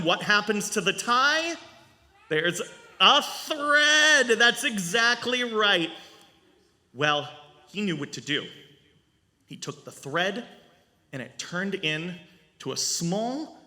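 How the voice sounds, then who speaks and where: A male rabbi giving a storytelling sermon at a family service, animated and asking the audience questions. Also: high-pitched, slow, pauses often. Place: synagogue sanctuary. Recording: long reverb in a large hall.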